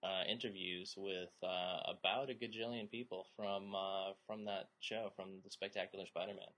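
A man's voice: low voice, little pitch movement, moderate pace, a bit bright. A man in his thirties co-hosting a casual podcast, rambling and joking, now and then slipping into silly voices. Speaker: podcast co-host.

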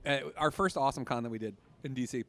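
A man hosting a podcast, telling an animated story in casual chat and laughing as he talks. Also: medium pitch, fast talker. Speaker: podcast host.

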